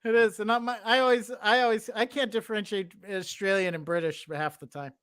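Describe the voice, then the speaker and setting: A man from the United States co-hosting a casual chat show, talking in an animated way and laughing as he talks. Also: sits high, a little fast, smooth. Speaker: co-host.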